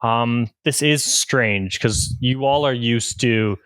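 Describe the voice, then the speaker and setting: A man in a medium voice guiding players through a tabletop game, with many fillers. His tone is smooth and clear, and the recording is dry and close. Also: mid-range voice, takes it slowly, fairly bright tone, dry recording. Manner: casual, filler-heavy narration. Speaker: game master.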